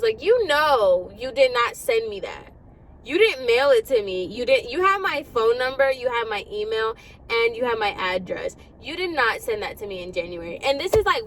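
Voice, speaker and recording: A young woman vlogger in a parked car, ranting to her viewers in a casual, exasperated way. She talks rapidly and with lots of animation. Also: fairly high pitch, a bit bright, rough recording. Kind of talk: casual rant to camera.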